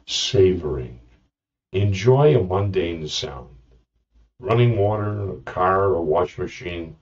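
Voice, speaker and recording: A man's voice: low-pitched, animated, takes it slowly, darkish tone, recorded from a distance, muffled recording. A man hosting a podcast, talking through listening tips in a rambling, joking monologue with many restarts. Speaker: podcast host. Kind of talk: casual monologue.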